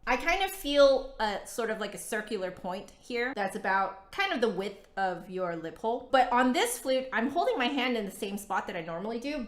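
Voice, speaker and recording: An American woman demonstrating a flute on a casual livestream, chatting straight to her viewers. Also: medium pitch. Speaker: flutist reviewing an instrument. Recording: roomy echo.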